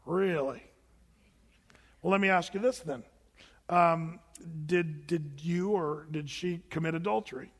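A male pastor with a fairly high voice delivers a sermon in a casual, talky way. He often slips into imagined back-and-forth with his listeners. His voice carries a long, lingering hall reverb. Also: moderate pace. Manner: conversational, acting out imagined dialogues with listeners.

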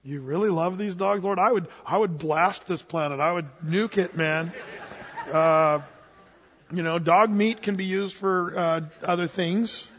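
A man's voice: sits high, fairly even intonation, unhurried, fairly bright tone, slight background noise. A man preaching a sermon, telling a story and acting out both sides of a dialogue. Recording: dull lo-fi sound with long hall reverb.

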